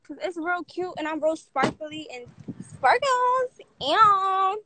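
A young woman filming a prank vlog on her phone outdoors, talking loudly and playfully over her friends. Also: very high-pitched, expressive, takes it slowly, noisy background. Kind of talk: excited casual vlog chatter. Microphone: phone camera.

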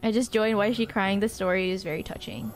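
A woman's voice: medium pitch, fast talker, soft background music. A woman streamer talking casually over a game, reacting to it and chatting with viewers as she plays. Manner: chatty, reacts to the game and reads chat aloud. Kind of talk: live gameplay commentary.

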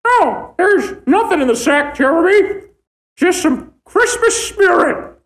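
A man voicing a small, chirpy talking Christmas sack in a squeaky, sing-song voice. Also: animated, takes it slowly, a bit bright, reverberant, distant mic, exaggerated voice.

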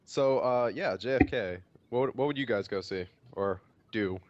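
A man's voice: medium pitch, normal speed, lo-fi sound. A young man hosting a casual chat over a voice call, laid-back, stumbling over his words and swearing casually. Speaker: podcast host. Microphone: computer mic on a voice call.

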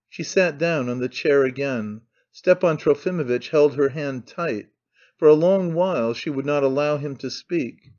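Male audiobook narrator, slightly high voice. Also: moderate pace, a little mellow, dull audio. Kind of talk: scripted narration.

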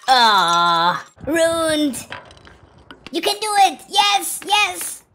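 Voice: very high voice, sing-song, very slow, pushed and bright, slight background noise. A reaction video host who exclaims, gasps and giggles at clips and makes up rhyming nonsense words. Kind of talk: excited reaction commentary. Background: music from the clips.

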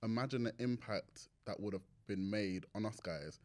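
A young man with a London accent, a podcast guest telling stories in an animated way and laughing often. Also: on the low side, normal speed. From England. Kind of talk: casual interview chat.

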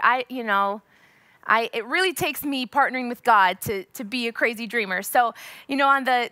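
Bright, high-voiced woman youth pastor. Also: dry recording. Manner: animated, emphatic, repeats words as she builds points. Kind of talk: sermon with personal stories.

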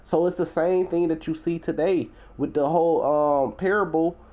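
A man's voice: fairly high pitch, steady tone, moderate pace, mellow. A man teaching from the Bible in a casual, conversational way. He leans on "you know" and "right?" and swells into emphatic, preacherly stresses.

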